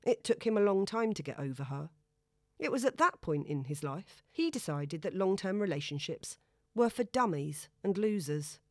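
An audiobook narrator reads a novel aloud in a wry, even storytelling style. Her voice is medium-pitched at a normal pace, captured in clean studio sound with no echo.

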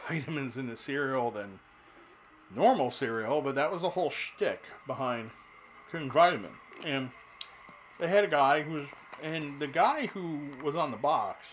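This New Jersey man in his fifties speaks in a mid-range, slightly bright voice, with a little background noise in the recording. He drifts through a loose, nostalgic monologue, interrupting himself, starting over, and dropping the occasional swear.

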